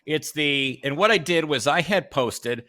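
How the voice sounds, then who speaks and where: A man hosting a casual podcast chat, speaking earnestly and haltingly, with many restarts and fillers. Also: a little high, expressive, sharp tone. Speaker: podcast host.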